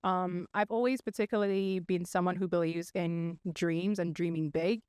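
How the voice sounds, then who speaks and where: A young woman from Congo, raised in South Africa, speaking as a podcast guest and telling her story in a measured, articulate way. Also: on the low side, steady tone, a little mellow, clear, resonant tone, dry recording, clean studio sound. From Democratic Republic of Congo, raised in South Africa. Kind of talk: casual interview chat.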